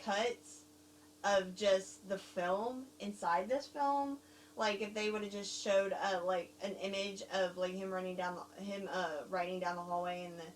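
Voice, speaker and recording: Rambling woman with a light Southern twang. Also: medium pitch. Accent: light American Southern. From grew up overseas, Germany and Korea. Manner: rambling, animated, laughs often. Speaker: co-host reviewing films. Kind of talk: casual chat review. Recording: distant mic with faint hum.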